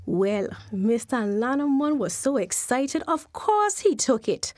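A woman storyteller, telling a folk tale with lively, dramatic pacing. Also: a little high, takes it slowly, dry recording, clean studio sound. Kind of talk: animated oral folk storytelling.

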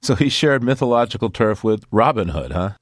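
Lively low-voiced male radio host. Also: a little fast, dry recording, studio quality. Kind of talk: scripted radio interview.

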